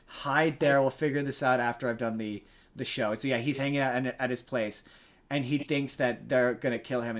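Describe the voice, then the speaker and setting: A man hosting a podcast, casually recapping a movie plot with a rambling delivery and frequent restarts. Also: medium pitch. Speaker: podcast host.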